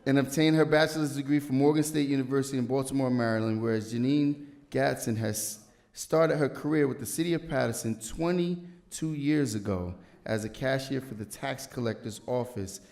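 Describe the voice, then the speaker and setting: A man's voice: mid-range voice, normal speed, vocal fry. A man, a city councilman, reading an award proclamation at a civic ceremony and breaking it up with joking asides to the audience. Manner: joking, warm-hearted emcee patter between formal reading.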